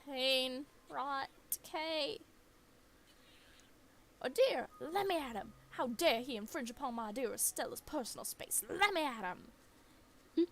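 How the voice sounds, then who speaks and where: A small female dog, genteel and fussy, bursts into theatrical fury at the smallest provocation. A woman acts her out, pitched well above her own voice and projecting with mock-grand indignation. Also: a little slow, a bit bright, slight background noise. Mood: furious. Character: dramatic little female dog, prim and furious.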